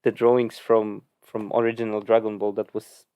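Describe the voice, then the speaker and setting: A man's voice: on the low side, little pitch movement, moderate pace, warm tone, clear, resonant tone, dry recording, studio quality. A man co-hosting a casual podcast, chatting loosely with many "like"s and restarts. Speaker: podcast co-host. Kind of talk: casual chat.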